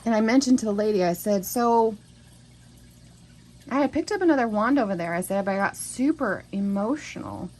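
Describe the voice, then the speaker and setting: A woman's voice: medium pitch, lively intonation, moderate pace, darkish tone, rough recording. A woman recording a spoken journal at home, telling a story in a rambling, emotional way with many restarts. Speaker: vlogger.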